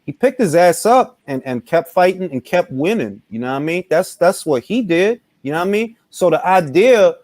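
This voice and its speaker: A man's voice: high voice, lively intonation, normal speed, few pauses, a little mellow, no echo. Man, host, casual panel chat, emphatic, slangy, dry close sound. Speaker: podcast host.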